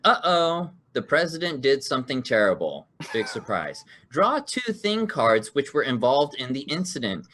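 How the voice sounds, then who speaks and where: Man as game show host, upbeat, mid pitch, laughs a lot while explaining rules. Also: sing-song, normal speed, hardly any pauses, fairly bright tone, slight background noise. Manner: upbeat, laughing often, reading rules aloud. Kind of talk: hosting an online improv card game.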